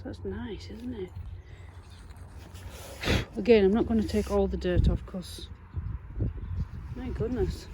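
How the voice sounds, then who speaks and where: A Yorkshire woman chatting to camera out in a muddy field, easily excited by what she finds. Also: mid-range voice, slow pace, long pauses, very noisy. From England. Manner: chatty, easily excited, talks to herself and viewers. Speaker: metal detecting vlogger. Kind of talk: casual talk to camera while digging.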